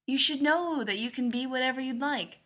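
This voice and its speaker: A woman voicing a weary, gruff father. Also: sits high, a little fast, a bit bright, pitched above the performer's own voice. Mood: coaxing. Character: tired, exasperated father, a doctor.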